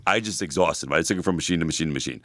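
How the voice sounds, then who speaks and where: A man's voice: a bass voice, racing, a bit bright, no echo, studio quality. A man in his forties, a personal trainer co-hosting an advice podcast, talking bluntly and profanely with lots of fillers. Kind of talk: casual advice podcast chat.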